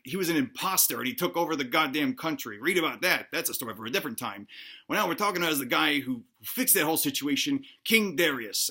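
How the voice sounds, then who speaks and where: A man's voice: fairly high pitch, pushed and bright, breathy edge. A man retelling an ancient history story in a casual, profane, joking way, briefly putting on voices for the figures he quotes. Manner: profane, irreverent, mocking the listener.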